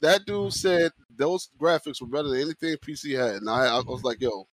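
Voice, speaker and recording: A man co-hosting a casual podcast chat who talks in an animated, slangy and emphatic way. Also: a little high, fairly quick, no room sound. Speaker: podcast co-host.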